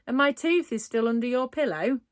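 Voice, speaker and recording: A jittery, timid newsagent, as a woman reader voices him frets in nervous rushes of words. His voice rises and falls with a lot of movement. The storybook sound is close and dry. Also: a little high, animated, no room sound, pitched above the performer's own voice, natural voice. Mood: anxious. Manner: nervous and fretful, talks in anxious rushes. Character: jittery, timid male newsagent, middle-aged. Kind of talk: storybook reading.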